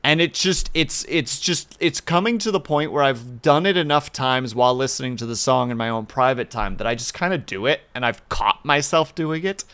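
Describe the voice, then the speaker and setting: A man's voice: mid-range voice, expressive, moderate pace, hardly any pauses, fairly bright tone, clean tone. A man chatting casually on a livestream, rambling with playful asides in a home setup with a desk mic. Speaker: streamer. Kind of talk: casual stream chat.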